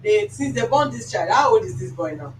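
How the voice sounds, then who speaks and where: A woman's voice: medium pitch, expressive, fairly quick, a little hiss or hum. A Nigerian woman hosting a mediation session, firm and lecturing, giving commands. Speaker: mediator host. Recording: roomy office sound from a distance.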